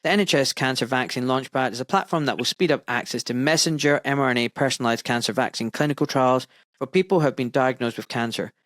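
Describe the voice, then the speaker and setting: A man's voice: medium pitch, fast talker, a bit bright, no echo. A man hosting a podcast, talking emphatically and with indignation, often mimicking people. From United Kingdom. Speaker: podcast host. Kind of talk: casual discussion.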